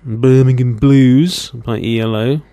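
A man's voice: mid-range voice, steady tone, slow pace, mellow, no echo. A man hosting a radio show, talking in a chatty, wry way with teasing asides. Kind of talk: casual radio DJ patter.

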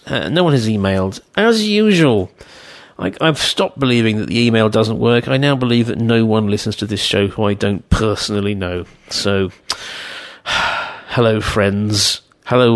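A man's voice: fairly low pitch, normal speed, no room sound. Rambling, self-deprecating male radio host. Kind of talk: casual radio chat.

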